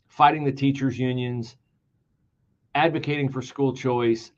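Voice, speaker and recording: A man's voice: mid-range voice, muffled recording. A man hosting a solo political commentary stream, emphatic and sarcastic, repeating key words for stress and dropping into mocking whispers. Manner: swings between loud outbursts and mocking whispers.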